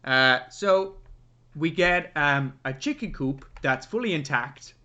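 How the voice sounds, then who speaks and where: Animated man, bright and lively. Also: on the high side, takes it slowly, muffled recording. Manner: animated, playfully sarcastic, acts out quotes. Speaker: podcast co-host, film critic. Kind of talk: casual film review chat.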